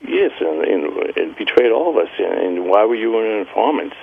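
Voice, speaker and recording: Gravelly-voiced man on a phone line. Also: on the low side, sing-song, moderate pace. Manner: blunt, plain-spoken, with many "uh"s. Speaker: radio guest, author. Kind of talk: phone-in interview.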